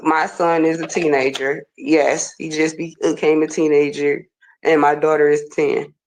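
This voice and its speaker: A woman's voice: deep voice, little pitch movement, measured pace, darkish tone, poor audio. A woman being interviewed, speaking emphatically and often repeating herself. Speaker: interview guest. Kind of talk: interview conversation.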